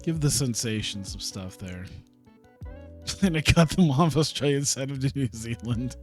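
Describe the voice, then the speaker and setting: A man's voice: mid-range voice, moderate pace, soft background music. A man casually talking through a wrestling management game on a live stream, thinking aloud, chuckling and swearing now and then. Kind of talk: casual gaming stream commentary.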